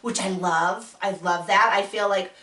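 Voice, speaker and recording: A chatty woman from the US talks through a TV show in a lively, casual recap, her tone bright and clear. She leaps up in pitch whenever she acts out what someone said. The sound is roomy and a little distant from the mic. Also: measured pace. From United States. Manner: chatty, enthusiastic, acts out quotes with big pitch jumps. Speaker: podcast host reviewing a TV show. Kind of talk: casual spoken review. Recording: echoey room, voice a bit off-mic.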